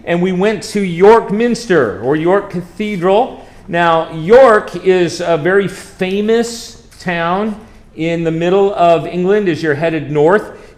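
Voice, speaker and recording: A middle-aged man from the United States, chatting folksily through a slideshow as a chaplain, with fillers and asides to the audience. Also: high-pitched. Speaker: chaplain presenting a trip. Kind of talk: casual slideshow talk.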